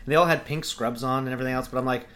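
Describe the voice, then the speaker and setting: A man's voice: mid-range voice, fairly even intonation, very fast, pushed and bright. A man in his forties, a podcast co-host, telling a rambling, self-correcting story in casual chat.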